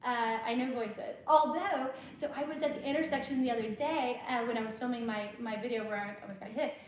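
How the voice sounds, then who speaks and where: A woman's voice: fairly high pitch, fairly quick. A woman, chatting casually as host and telling stories with a lot of laughter. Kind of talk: casual chat. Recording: very echoey room, faint noise.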